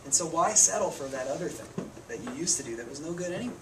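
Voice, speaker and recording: A man's voice: on the high side, lively intonation, fast talker. A man giving a casual, conversational sermon, telling stories about himself with self-deprecating humor. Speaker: preacher. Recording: distant mic with noticeable room noise.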